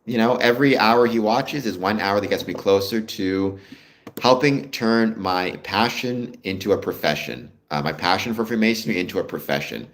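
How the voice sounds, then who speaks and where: A man's voice: fairly low pitch, normal speed. A Canadian man hosting a casual livestream, chatting and answering viewer comments as they come in. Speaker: livestream host. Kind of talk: casual live-stream chat with viewers.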